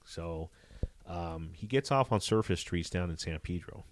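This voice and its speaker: A man, a police detective, telling a story in a casual interview, animated and full of "you know" fillers. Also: low voice, measured pace, no room sound.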